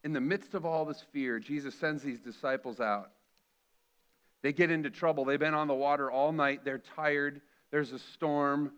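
A man's voice: on the high side, steady tone, moderate pace, fairly bright tone, clean tone. A middle-aged man preaching a sermon earnestly, acting out the quoted lines with feeling. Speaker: pastor.

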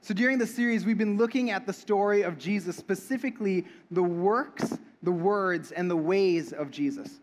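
High-voiced young man preaching playfully. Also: moderate pace, hardly any pauses. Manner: playful, talks with the audience. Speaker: pastor. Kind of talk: sermon.

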